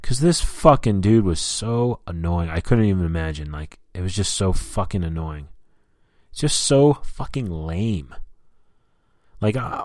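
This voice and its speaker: A man's voice: sits low, no echo, studio quality. A man hosting a solo talk, ranting about daily annoyances with heavy swearing and mocking asides. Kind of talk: solo profane rant.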